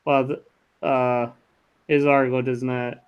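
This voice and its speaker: A man's voice: mid-range voice, level tone, measured pace, smooth, highs cut off. A man co-hosting a casual tech podcast, reading news items aloud in a profane, offhand way.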